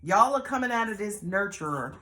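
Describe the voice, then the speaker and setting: A woman with a Southern US accent giving a casual tarot reading, blunt, animated and full of cursing. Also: medium pitch, a little fast. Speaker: tarot reader.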